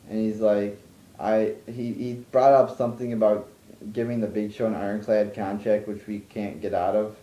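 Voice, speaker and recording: A man's voice: on the low side, mellow, echoey room, lo-fi sound. A man delivering an exasperated, profane, rambling rant as a wrestling commentary vlogger, stumbling over restarts. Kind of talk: ranting monologue.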